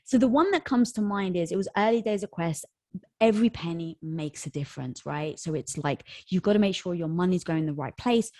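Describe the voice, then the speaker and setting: A woman in her thirties, a company co-founder, telling an animated story in an interview and acting out what people said. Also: lowish voice, fairly quick, dry recording, clean studio sound. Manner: lively storyteller who acts out quoted dialogue.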